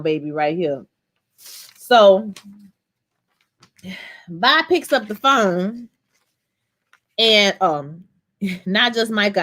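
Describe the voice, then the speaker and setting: A chatty woman recapping a TV episode in her own casual voice. She is animated, jumps into little asides, and swears freely as she goes. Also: lowish voice. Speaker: TV episode reviewer.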